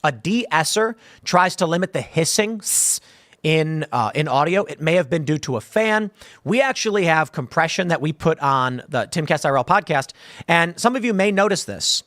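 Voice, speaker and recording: A man's voice: a little high, lively intonation, moderate pace, fairly bright tone, no room sound. A man hosting a commentary show, talking in a rambling, jokey way with lots of asides, from a studio room. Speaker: host.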